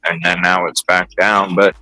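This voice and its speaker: A man hosting a livestream from his car in heavy rain, chatting in a relaxed, rambling way. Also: sits low, normal speed, no room sound, faint music behind, low-quality recording. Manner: relaxed, rambling, thinks aloud. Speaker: livestream host. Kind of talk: casual chat while driving.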